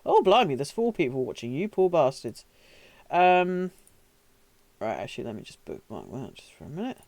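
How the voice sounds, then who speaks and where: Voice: mid-range voice, very animated, normal speed, a little mellow, no echo. A British streamer chatting casually on a live stream, rambling, swearing often and making self-mocking asides. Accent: British English. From Britain.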